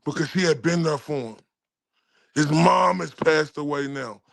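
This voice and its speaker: Gravelly-voiced stream host talking straight to his audience about a clip. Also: a little high, measured pace, no room sound. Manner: addresses viewers directly, explanatory. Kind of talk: live-stream commentary.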